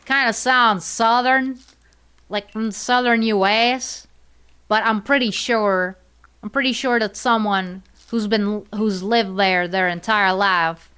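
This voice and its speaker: While playing on stream, this woman talks in an unhurried, rambling way, working through her thoughts aloud with many fillers and repetitions. Her medium-pitched voice is smooth and clear, and she keeps giggling at herself in casual livestream chat.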